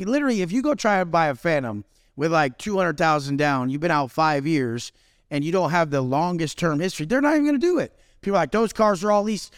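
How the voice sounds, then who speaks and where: A man's voice: high voice, dry recording, studio quality. A man speaking as a podcast guest in brash, intense, profanity-heavy casual chat.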